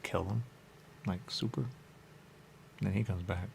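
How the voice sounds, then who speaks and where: A man's voice: sits low, steady tone, measured pace, gravelly, a little mellow, a little hiss or hum. A man co-hosting a radio talk show, joking and rambling in casual banter.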